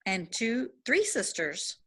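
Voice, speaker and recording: A woman's voice: medium pitch, sing-song, slow, pushed and bright. A woman on a coaching call, speaking frankly and sounding tired.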